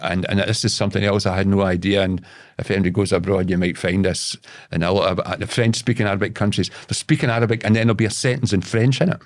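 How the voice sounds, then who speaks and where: A man's voice: deep voice, steady tone, quick pace. A man with a Scottish accent, a guest telling a long story in casual talk, swearing freely and tripping over and repeating his words. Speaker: podcast guest.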